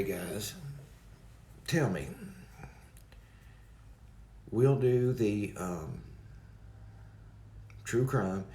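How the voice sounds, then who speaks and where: A man's voice: lowish voice, dark tone, echoey room, slight background noise. A man hosting a livestream, chatting casually and rambling as he greets viewers in the chat by name. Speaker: livestream host.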